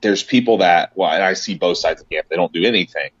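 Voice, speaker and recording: Deep-voiced man on a fitness podcast. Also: fast, no room sound, lo-fi sound. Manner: rambling, emphatic, many restarts. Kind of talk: casual podcast chat.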